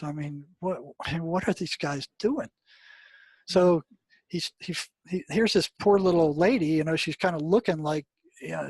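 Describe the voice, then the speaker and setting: An older man, a retired mental health practitioner, recounting his experiences as an interview guest, animated and full of restarts. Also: a little high, slightly rough, no echo. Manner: animated, many restarts, exclaims when recounting. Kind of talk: storytelling interview talk.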